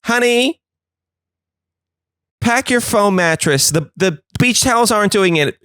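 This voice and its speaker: A man voicing a fussy suburban mother, whiny and complaining in a shrill tone. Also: animated, measured pace, bright, forceful tone, clear, resonant tone, dry recording, studio quality, heavily acted. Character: fussy high-voiced suburban mom.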